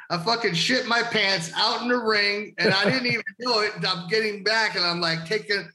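A man's voice: sits high, moderate pace, bright, forceful tone, roomy sound. A man, a wrestler, telling a crude story in a casual interview, swearing freely and laughing between lines. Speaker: wrestler, guest.

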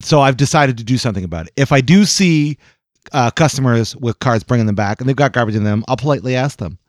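A man's voice: mid-range voice, lively intonation, fast, no echo, clean studio sound. A man co-hosting a podcast in casual chat, blunt and swearing freely. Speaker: podcast co-host.

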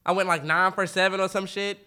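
A man co-hosting a casual sports podcast, loud and trash-talking, swearing a lot. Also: high voice, flat delivery, brisk, clear, resonant tone. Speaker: podcast co-host.

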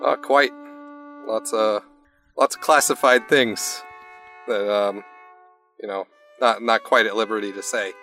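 A man's voice: fairly low pitch, steady tone, measured pace, pauses often, pushed and bright, soft background music. A man playing an agent in a tabletop game, talking hesitantly with lots of fillers and laughs. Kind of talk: in-character role-play.

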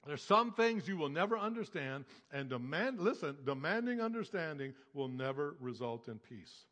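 A man's voice: a little high, sing-song, normal speed, a bit bright, in a large hall. A man preaching a sermon as a pastor, emphatic and repetitive, building phrases in rhythmic lists.

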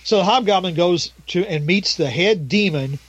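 A man at home at night, rambling through a casual comic book recap and jumping his pitch up to mimic characters. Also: normal speed, breathy edge, no echo, lo-fi sound. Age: adult. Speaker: podcast co-host.

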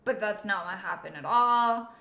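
A woman's voice: medium pitch, normal speed, pushed and bright. A woman co-hosting a casual film review chat, blunt and swearing casually. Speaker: podcast co-host. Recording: echoey room.

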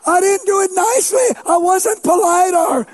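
A man with a strikingly high voice preaches a sermon through a story. He is animated and funny, and often swells into shouts to drive a point home. He pokes fun at himself as he goes. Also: moderate pace. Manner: animated, shouts for emphasis, playful self-mocking humor.

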